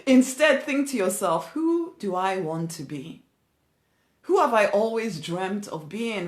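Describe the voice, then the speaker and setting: A woman's voice: mid-range voice, lively intonation, measured pace. Emphatic woman giving a motivational talk. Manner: emphatic, repeats key phrases, laughs often. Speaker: motivational speaker. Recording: roomy echo.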